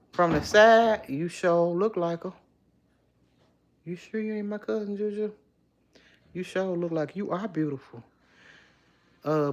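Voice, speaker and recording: A middle-aged woman hosting a casual livestream, chatting candidly and reading viewer comments aloud on her phone. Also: on the low side. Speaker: livestream host. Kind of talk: casual live chat with viewers.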